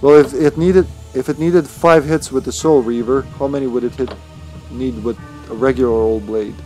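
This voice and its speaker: A man's voice: medium pitch, normal speed, darkish tone, soft background music, poor audio. A man casually commenting while he plays a video game live, thinking aloud and greeting his viewers.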